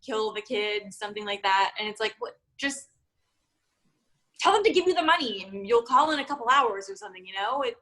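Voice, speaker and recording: A woman's voice: a little high, expressive, a little fast, bright, forceful tone, low-quality recording. A young woman co-hosting a true-crime podcast, chatting casually, laughing often and trailing off mid-thought. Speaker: podcast co-host.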